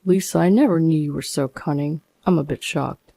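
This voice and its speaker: A woman's voice: deep voice, a little fast, creaky, mellow, dry recording. A woman voicing a scornful, bossy adult husband in a narrated story. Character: dismissive smug adult husband.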